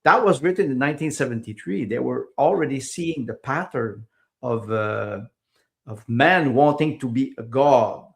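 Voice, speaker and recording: Gravelly-voiced guy on a podcast, lots of uh and restarts, non-native english. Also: mid-range voice, normal speed. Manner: hesitant, many fillers and repeated words. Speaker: podcast guest. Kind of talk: casual interview conversation.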